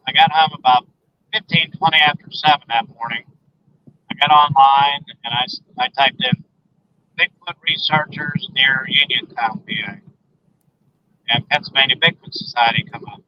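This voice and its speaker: A man, a guest on a phone interview, recounting an encounter in a halting, emphatic way with repeated words. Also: fairly high pitch, no echo. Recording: dull lo-fi phone line.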